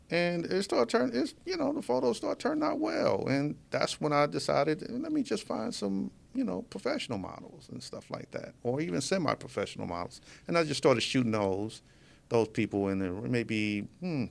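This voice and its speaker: A man's voice: mid-range voice, gravelly. A man being interviewed as a guest in a studio, telling his story casually and with animation, often laughing as he talks. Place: media studio.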